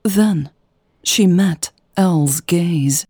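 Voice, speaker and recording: A woman reads an intimate romance audiobook in a hushed, half-whispered voice. Her tone is low, gravelly and husky, and she takes her time. Faint music plays softly behind her. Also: animated, slow pace, no room sound. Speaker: audiobook narrator.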